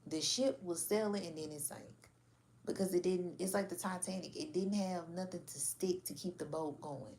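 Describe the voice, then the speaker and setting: Blunt, gravelly-voiced woman. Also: fairly low pitch, moderate pace, a little mellow, slight background noise. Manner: blunt, slangy, frank. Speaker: tarot reader. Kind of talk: casual spoken reading.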